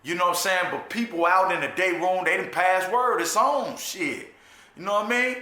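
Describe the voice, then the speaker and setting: A man's voice: high voice, normal speed. A man casually retelling a personal story, using profane street slang and often asking "you know what I'm saying". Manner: animated retelling with restarts and repetitions. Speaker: storyteller recounting his jail time. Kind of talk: casual spoken storytelling monologue. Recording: echoey room.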